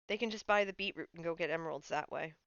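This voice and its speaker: A woman's voice: fairly low pitch, fast talker, fairly bright tone, no echo, lo-fi sound. A woman streamer chatting casually while playing a game, telling stories with lots of fillers. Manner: chatty storyteller with frequent fillers. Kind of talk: casual gaming stream chat.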